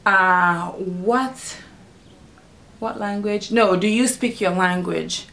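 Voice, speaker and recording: A woman's voice: mid-range voice, slow, creaky, a bit bright. A young Nigerian woman with an Igbo background and a Nigerian accent, chatting casually at home in a tag video, giggling and often repeating herself. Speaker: vlogger.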